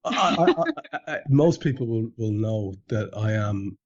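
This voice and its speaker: A man's voice: fairly low pitch, expressive, unhurried. A man hosting a casual podcast chat, often stammering and restarting his sentences and swearing offhandedly. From England. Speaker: podcast host. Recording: dull lo-fi podcast audio.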